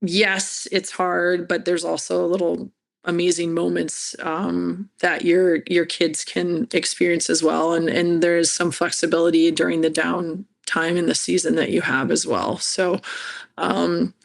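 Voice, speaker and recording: A woman's voice: lowish voice, little pitch movement, measured pace, gravelly. A woman college hockey coach, talking candidly and telling stories in an interview. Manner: chatty, storytelling.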